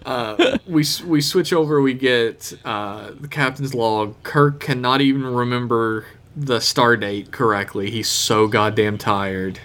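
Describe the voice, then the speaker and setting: A man's voice: medium pitch, unhurried, few pauses, a bit bright. Guy doing a jokey episode recap on a podcast, laughs a lot. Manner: jokey, laughs often, acts out quotes. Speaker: podcast co-host. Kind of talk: casual chat recapping a TV episode.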